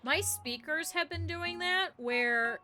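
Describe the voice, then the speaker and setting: A woman's voice: extremely high pitch, slow pace, sharp tone, slight background noise. A woman live-streaming from home, chatting and giggling with her viewers and her cat. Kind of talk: casual live-stream chat. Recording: game music in the background. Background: game music.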